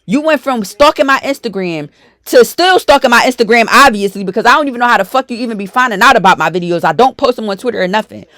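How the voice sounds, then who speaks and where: A woman's voice: a little high, expressive, quick pace, fairly bright tone, dry recording, clean studio sound. A woman YouTuber, delivering a profane, confrontational storytime rant.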